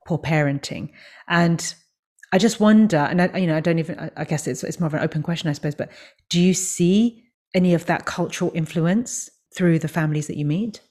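A woman's voice: on the low side, a little fast, a little mellow. A woman hosting a podcast interview, reflecting thoughtfully while asking questions. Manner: reflective, thinks aloud, frequent "mm" and "yeah". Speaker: podcast host, parent. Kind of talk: conversational interview.

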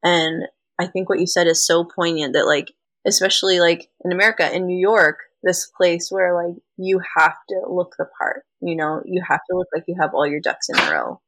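Low-voiced chatty woman host. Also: steady tone, normal speed, fairly bright tone, dry recording. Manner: chatty, lots of "like" fillers. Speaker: podcast host. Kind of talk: casual chat.

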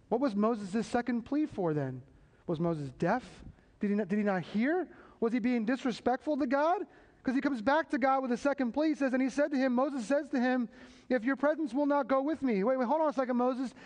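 A man preaching a sermon, building emphasis and tossing quick asides to the congregation. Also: extremely high pitch. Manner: preaching with rising emphasis and repeated call-and-response asides. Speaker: pastor. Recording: long hall reverb.

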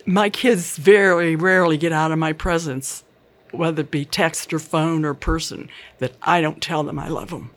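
A woman's voice: sits low, fairly even intonation, normal speed. An older woman recounts her life in an interview. She talks in an earnest, chatty way and acts out the dialogue of the people in her stories. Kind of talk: personal life story.

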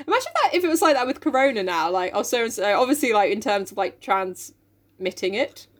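A woman's voice: expressive, fairly quick. A young woman casually chatting as a podcast co-host, recapping a novel and swearing freely. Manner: swears freely, acts out characters in big high voices.

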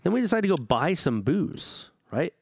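A man's voice: on the high side, big pitch swings, moderate pace, vocal fry, husky, dry recording. A young man co-hosting a podcast, telling rambling, profane stories in casual chat. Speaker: podcast co-host.

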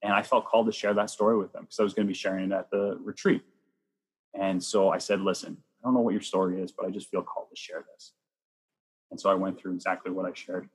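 A man who works as a Catholic youth minister, telling personal stories earnestly in a chatty way, sometimes rushing with excitement. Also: low-pitched, husky, poor audio. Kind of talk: personal storytelling in an interview.

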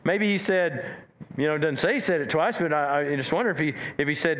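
A man preaching a sermon as pastor, animated, stumbling over repeated words and acting out quotes. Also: high-pitched, a little fast.

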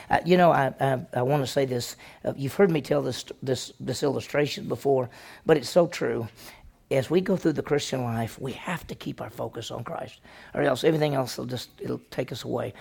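A man's voice: medium pitch, vocal fry, darkish tone, husky. A male senior pastor teaching a conversational church lesson, telling folksy stories and asking the congregation questions he then answers himself. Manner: folksy, tells personal stories.

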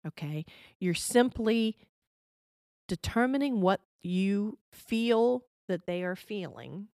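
A woman's voice: mid-range voice, expressive, takes it slowly, a little mellow, no room sound, studio quality. A middle-aged woman giving parenting advice as an interview guest, patient and explanatory, often checking in with the listener.

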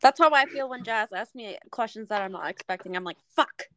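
A young woman co-hosting a podcast in casual chat, gushing and excitable, swearing a lot. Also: fairly high pitch, fast talker, no echo. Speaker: podcast co-host.

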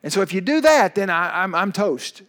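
A brawny young strongman brushing off questions with casual, made-up excuses, as a preacher acts him out in a sermon. he sounds offhand and easygoing, in a fairly high voice for a man. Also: sing-song, moderate pace, a bit bright, heavily acted. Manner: offhand, fibbing.

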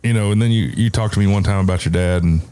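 A man speaks in a measured, reflective way and swears casually now and then. His voice is very deep and has a warm, dark tone. He sounds relaxed and conversational. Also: a little hiss or hum.

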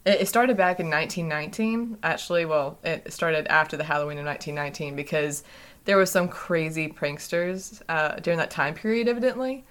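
A woman's voice: low voice, a bit bright, clear, resonant tone. A young woman co-hosting a casual podcast, chatting with many fillers and frequent giggles. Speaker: podcast co-host.

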